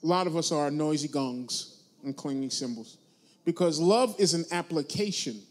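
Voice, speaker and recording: A man preaching a sermon to his congregation, using call-and-response and moving between quiet asides and loud, emphatic points. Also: on the high side, moderate pace. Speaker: pastor.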